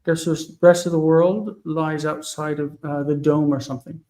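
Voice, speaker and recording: A man teaching a casual live Bible Hebrew lesson, thinking aloud with many fillers and reading verses slowly before explaining them. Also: on the high side, little pitch movement, mellow, low-quality recording.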